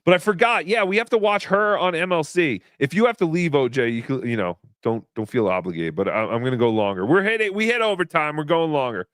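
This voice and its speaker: A man's voice: a little high, very animated, fast talker, few pauses, a bit bright, dry recording, studio quality. A man hosting a casual livestream, reading chat donations aloud in a rambling, joking, self-deprecating way.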